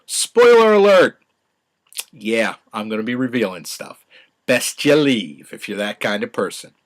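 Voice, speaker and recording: A middle-aged man with a somewhat low voice chats on his own about a show he loves. He rambles, stumbles over his words and fills gaps with ums, then breaks into loud, eager bursts of praise. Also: normal speed. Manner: enthusiastic, rambling, many fillers and restarts, sudden loud excited outbursts. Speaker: podcast host reviewing a TV show. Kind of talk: casual solo commentary.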